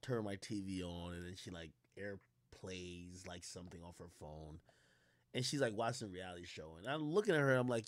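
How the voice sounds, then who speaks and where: A man ranting casually to his stream audience, swearing a lot and jumping his voice up high for emphasis. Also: moderate pace, no echo. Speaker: streamer and rap commentator.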